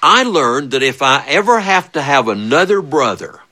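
A man telling a funny childhood story, animated and chuckling often, with big swings of voice. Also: mid-range voice, moderate pace. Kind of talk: spoken storytelling.

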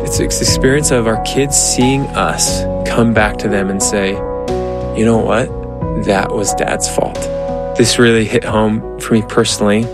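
A man in his thirties, a therapist, telling stories earnestly in a conversational interview. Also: lowish voice. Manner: earnest, animated storytelling. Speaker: therapist and parenting guest.

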